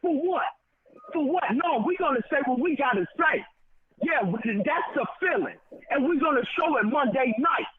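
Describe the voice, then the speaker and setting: A man's voice: extremely high pitch, animated, normal speed, a little hiss or hum. A man calling in to a sports show, fired up and defiant, firing off rhetorical questions. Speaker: caller. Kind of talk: casual call-in chat. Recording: phone-line caller.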